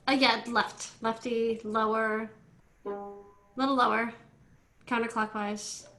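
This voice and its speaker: Woman violin teacher, high and bright, giving quick, directive tuning cues over a video call with faint violin notes behind. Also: steady tone, soft background music. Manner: brisk, directive coaching with light laughs. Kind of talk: online group class instruction. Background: faint violin notes from students.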